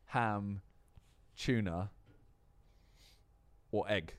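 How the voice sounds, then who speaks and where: A man's voice: fairly low pitch, drawn-out words, no room sound. A man hosting a casual podcast, often laughing as he tells stories. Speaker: podcast host.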